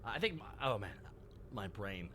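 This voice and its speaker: A man hosting a live stream, chatting casually in an animated, profane way. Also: lowish voice, normal speed, background noise. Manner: animated, profane, laughing often. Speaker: streamer host.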